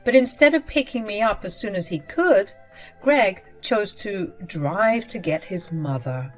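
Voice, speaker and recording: A woman's voice: medium pitch, lively intonation, unhurried, faint music behind. Woman narrating a dramatic personal story. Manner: dramatic, emphatic retelling.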